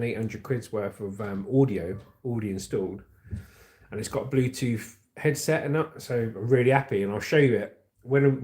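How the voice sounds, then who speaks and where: A man's voice: medium pitch, darkish tone. A man hosting a casual livestream, chatting in a rambling way and reading out viewer comments. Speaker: livestream host.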